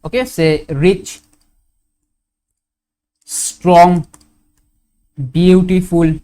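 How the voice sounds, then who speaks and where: A man with an Indian English accent teaching a grammar lesson, going slowly and repeating his examples, often asking a question and then answering it himself. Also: high-pitched, flat delivery, warm tone. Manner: slow, repetitive, asks questions and answers them.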